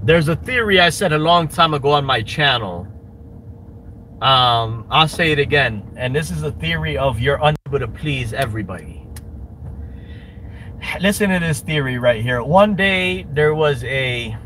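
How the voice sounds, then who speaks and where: Man, high bright voice, rambling repetitive storyteller, outdoor recording with faint street noise. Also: animated, unhurried, rough recording. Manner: rambling, repetitive, stammering restarts.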